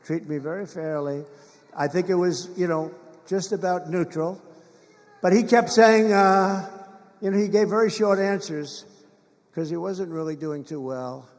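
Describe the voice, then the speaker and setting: A man's voice: high voice, unhurried, darkish tone. A man speaking as a political candidate in a rambling, boastful and mocking campaign rally speech, with repetitive asides to the crowd. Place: large rally venue. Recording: long reverb of a big rally hall.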